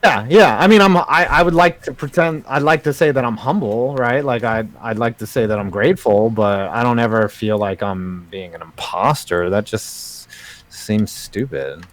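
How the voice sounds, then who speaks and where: A man's voice: medium pitch, normal speed. A young man co-hosting a livestream in casual, rambling chat. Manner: rambling, restarts, jokey. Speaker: co-host.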